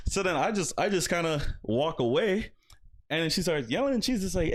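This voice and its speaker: A young man co-hosting a casual podcast, telling an animated story and acting out quotes. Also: sits high, a little fast. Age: young adult. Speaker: podcast co-host.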